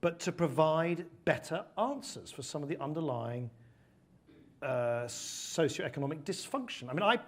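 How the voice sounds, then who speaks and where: A man's voice: fairly high pitch, lively intonation, moderate pace. A middle-aged British man speaking earnestly as a guest speaker, answering interview questions and telling stories with animation. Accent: British English. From United Kingdom. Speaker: guest speaker, former politician.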